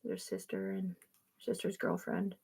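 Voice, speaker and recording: A woman's voice: fairly low pitch, sing-song, measured pace, gravelly, darkish tone, breathy edge, low-quality recording. A middle-aged woman rambling through family photos in a profane, meandering monologue. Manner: rambling and profane, jumping between topics.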